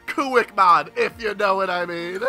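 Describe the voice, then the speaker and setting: A young man giving loud, profane let's play commentary, yelling at enemies as he plays. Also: high voice, slow pace. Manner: excitable, swears a lot, yells at enemies. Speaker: gameplay commentator. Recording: game music behind the voice.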